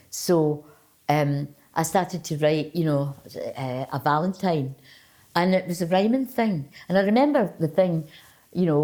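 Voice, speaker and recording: An older Scottish woman with a low voice tells stories wryly, mocking herself as she goes. She speaks in a relaxed festival conversation and reads from her work. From Scotland. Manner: wry, self-mocking storyteller. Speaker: poet guest. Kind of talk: festival conversation and poetry reading.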